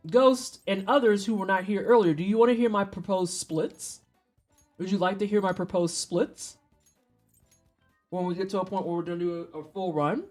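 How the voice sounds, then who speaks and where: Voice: medium pitch, darkish tone. Profane, joking game streamer. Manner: profane, joking, talks to chat. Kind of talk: casual livestream chat while gaming.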